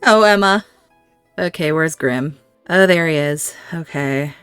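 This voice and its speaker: A woman's voice: deep voice, steady tone, measured pace, clean tone, faint music behind. A woman giving casual gameplay commentary, reacting emotionally and talking aloud to the characters on screen. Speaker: gameplay video host.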